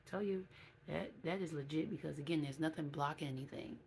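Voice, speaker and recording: A woman's voice: deep voice, brisk, vocal fry, a little mellow, a little hiss or hum. A woman talking candidly in a casual vlog, chatty and frank, now and then acting out other people's voices. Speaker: vlogger.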